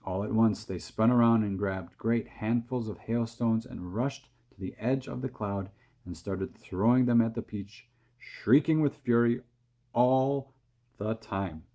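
Slow, mellow man reading aloud. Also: lowish voice. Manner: calm, steady reading. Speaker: storyteller reading a children's book. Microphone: close camera mic.

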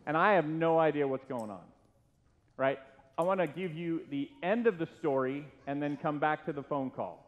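A man's voice: fairly high pitch, normal speed. A middle-aged man, a former youth pastor, tells a self-mocking story as a tribute at a church retirement party. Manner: self-deprecating, animated storyteller. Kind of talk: humorous anecdotal tribute speech. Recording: echoey hall, dull lo-fi, faint hiss.

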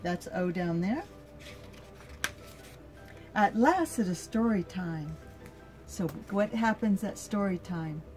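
Slow, mellow-voiced older woman reading aloud. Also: medium pitch, animated, faint music behind. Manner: slow, gentle, asks the listener questions. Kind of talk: reading a picture book aloud to a child.

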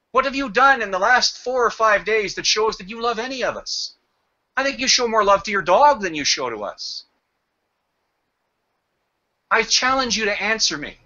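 A man's voice: high voice, pushed and bright. A man ranting at someone in an online voice chat, confrontational and profane, firing off rhetorical questions. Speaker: voice chat room participant. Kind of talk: heated rant in online voice chat. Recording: dull lo-fi voice chat audio.

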